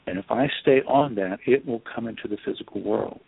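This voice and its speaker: A man, an author guest in an interview, telling a story in an animated, self-deprecating way over a phone line. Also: medium pitch, a little fast, creaky, breathy edge, no room sound. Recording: tinny dry phone line.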